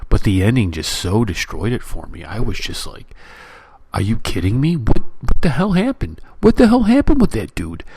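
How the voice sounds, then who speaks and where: Deep-voiced man ranting about bad movies. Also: a little mellow, no echo. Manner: blunt and exasperated, lots of fillers and restarts; builds into vivid exaggerated comparisons. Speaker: podcast host. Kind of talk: casual movie-review rant.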